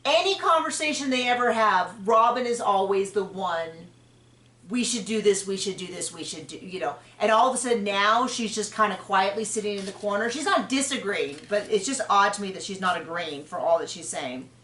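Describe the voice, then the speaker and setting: A woman's voice: mid-range voice, animated, a bit bright. Chatty woman, roomy distant mic. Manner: chatty, frank, quick asides and self-corrections. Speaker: podcast host recapping a reality show. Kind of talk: casual opinionated chat.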